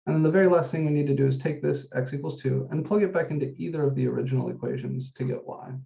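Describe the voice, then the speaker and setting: A man teaching a math class, working through each step methodically and repeating the key points, slowing down on the numbers as he writes. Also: fairly high pitch, gravelly, warm tone. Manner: methodical, repeats key steps, says numbers slowly while writing. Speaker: math instructor. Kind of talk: classroom lecture. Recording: dull echoey classroom recording.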